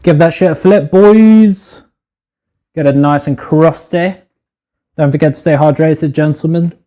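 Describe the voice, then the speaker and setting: A man's voice: a little high, a little slow, warm tone. Laid-back swearing man cooking on stream. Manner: laid-back, swears freely, calls viewers "boys". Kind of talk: casual live-stream chat while cooking. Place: home kitchen. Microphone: phone.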